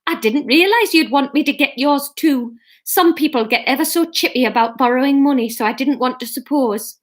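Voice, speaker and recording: A woman's voice: high voice, fairly quick, voice pushed up, natural voice. A woman voicing a penny-pinching man with a Geordie accent, fussy and apologetic. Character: penny-pinching man fussing over money.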